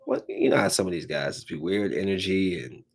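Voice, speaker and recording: A man's voice: low-pitched, fairly quick, creaky, breathy edge. A man in his thirties, a podcast host, telling stories casually and acting out voices. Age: 30s. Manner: animated, acts out voices in anecdotes. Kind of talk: casual storytelling.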